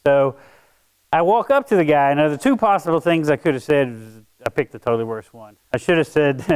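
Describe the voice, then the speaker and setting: Smooth-voiced pastor telling a story. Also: male voice, a little high, animated, brisk, poor audio. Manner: conversational, self-deprecating, with frequent restarts. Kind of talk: sermon storytelling.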